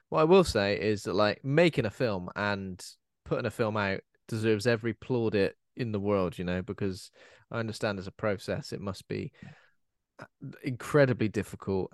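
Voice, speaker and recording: A man co-hosting a film podcast, talking casually in a rambling, self-correcting way, joking and putting on excited voices when he quotes audiences. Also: lowish voice, no echo, clean studio sound. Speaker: podcast co-host, film critic. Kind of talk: casual film review chat.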